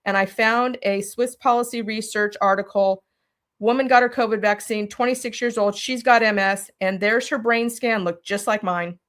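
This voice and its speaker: A woman telling a personal story as an interview guest, animated and speaking directly to her listeners. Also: medium pitch, moderate pace. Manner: animated, talks straight to listeners.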